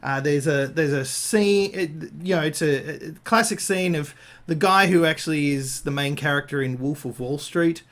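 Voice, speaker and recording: A man's voice: on the high side, normal speed, fairly bright tone. An Australian man giving an improvised Christian talk, thinking aloud with frequent fillers and restarts. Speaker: Christian speaker.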